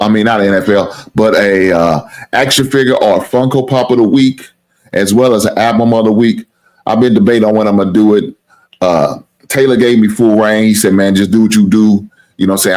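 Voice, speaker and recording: A man with a deep, low-set voice hosts a casual live sports stream. He rambles, circles back, swears casually and keeps plugging his channel in a loose, relaxed tone. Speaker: sports talk show host.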